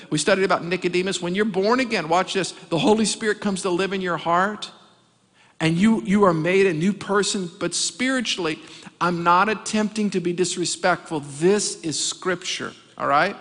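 A man with a notably high voice preaches with emphatic force, repeating key lines and prompting the crowd to respond. His words carry a long reverb tail, as in a large church auditorium. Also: a bit bright. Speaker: pastor. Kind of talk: sermon.

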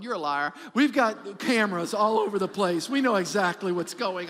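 A middle-aged man preaching a sermon as pastor, animated and repetitive for emphasis, joking with his congregation. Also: high-pitched, brisk, hardly any pauses, long reverb tail, a little hiss or hum.

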